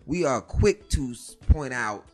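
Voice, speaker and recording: A woman chatting casually as a podcast host, telling loud, profane stories and laughing often. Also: rumbling low, animated, a little slow, faint music behind. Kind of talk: casual chat.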